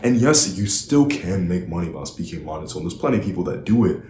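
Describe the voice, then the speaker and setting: A man with a deep, warm voice coaches the listener on speaking. He drives his points home emphatically, rushing ahead and then dropping to slow, weighty words. His voice rings in a roomy, echoing space. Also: animated, slight background noise. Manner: emphatic, varies speed and volume for weight. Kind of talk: direct-to-camera coaching talk.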